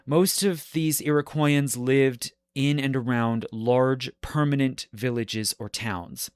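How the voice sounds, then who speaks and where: A man hosting a history podcast, explaining the geography in a measured lecture style and correcting himself as he goes. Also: mid-range voice, clear, resonant tone, no echo.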